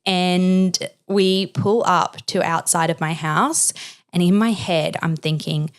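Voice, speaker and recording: A woman's voice: lowish voice, steady tone, slow, clear, resonant tone. A woman in her thirties hosting a podcast, telling a candid story in a chatty, filler-heavy way, often quoting people. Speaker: podcast host.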